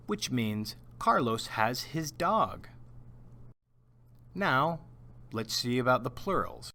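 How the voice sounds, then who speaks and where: A male language teacher delivers a scripted lesson at an unhurried pace. He drills each word twice so that learners can repeat after him. His voice sits in an ordinary middle pitch. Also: pushed and bright. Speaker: Spanish teacher.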